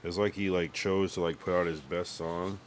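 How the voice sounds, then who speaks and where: A young male streamer with a very low voice chats loosely on a livestream, cursing freely and rambling as he thinks aloud about music. He keeps a steady tone at normal speed, with a soft hum of room ambience underneath.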